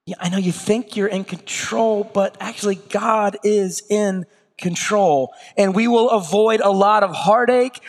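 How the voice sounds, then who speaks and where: A man preaching a sermon in a conversational way, slipping into quick acted asides. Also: high-pitched, long reverb tail. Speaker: pastor.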